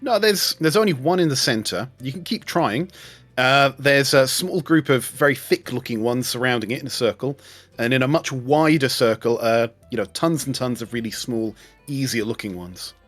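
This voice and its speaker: A man's voice: mid-range voice, lively intonation, fairly bright tone, soft background music. A man narrating a tabletop game as game master, joking with the players over an online call. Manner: jokey, puts on quick character voices.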